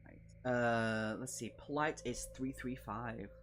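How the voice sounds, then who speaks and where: A man's voice: mid-range voice, fairly even intonation, takes it slowly, fairly bright tone, a little hiss or hum. A man on a live stream, reading a solo gamebook aloud and breaking off for jokey asides and laughs. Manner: chatty and jokey, laughing asides between read passages.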